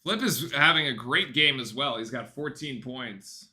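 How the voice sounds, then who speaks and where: A man with a very bright, forceful voice and a mid-range pitch calls a basketball game live from home. His commentary is casual and chatty, and it rises readily into excitement. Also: measured pace. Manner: chatty, excitable, breaks off to talk softly to his dog. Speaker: sports streamer calling a live game.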